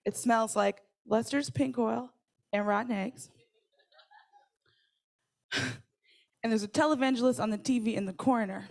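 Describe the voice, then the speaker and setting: A woman telling a personal story in a lively, conversational way, often checking in with her listeners and laughing between lines. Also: fairly high pitch, unhurried, gravelly, pauses often.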